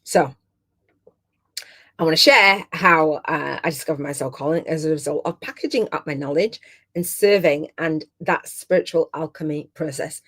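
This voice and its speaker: A woman's voice: low voice, moderate pace, a bit bright, husky. A middle-aged woman hosting a live online masterclass. She is heartfelt and chatty, and close to tears at times. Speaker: host and business coach.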